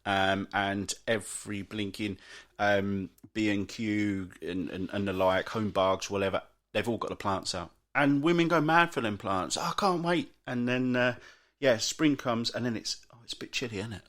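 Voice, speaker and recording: British bloke having a good moan on his podcast, fairly low voice, chatty. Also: steady tone, moderate pace, a bit bright. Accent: British English. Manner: chatty ranting, mocks moaners in put-on voices. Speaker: podcast host. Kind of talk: solo podcast monologue.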